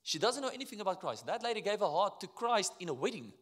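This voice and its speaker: Animated Afrikaans South African preacher in hall. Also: male voice, high-pitched, quick pace. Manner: animated, storytelling, drops to quiet asides. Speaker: pastor. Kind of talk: sermon. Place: church auditorium. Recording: reverberant church hall.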